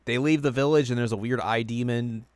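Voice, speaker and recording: A man co-hosting a podcast, recapping an anime episode in casual chat and dropping into quick silly voices for the characters. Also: mid-range voice, steady tone, clean tone, no echo. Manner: retells scenes with quick goofy character voices.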